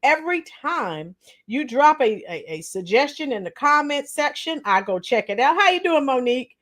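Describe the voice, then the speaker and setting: A middle-aged woman hosting a casual livestream, greeting viewers by name, her voice a little strained and clearing her throat often. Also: high-pitched, big pitch swings, moderate pace, fairly bright tone. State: slightly strained voice after a week of teaching. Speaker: livestream host. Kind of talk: casual live chat with viewers.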